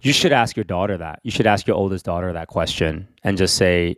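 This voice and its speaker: A man's voice: deep voice, a little fast, hardly any pauses, no room sound, clean studio sound. A man co-hosting a podcast, talking casually and giving supportive advice. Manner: supportive, chatty advice-giver. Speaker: podcast co-host.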